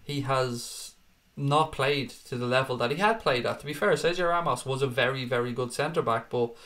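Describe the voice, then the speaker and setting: A man's voice: medium pitch, moderate pace, fairly bright tone. Blunt chatty man calling everyone mate. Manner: chatty, blunt, swears freely, calls viewers mate. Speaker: fan channel host reading live chat. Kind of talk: casual live-stream chat.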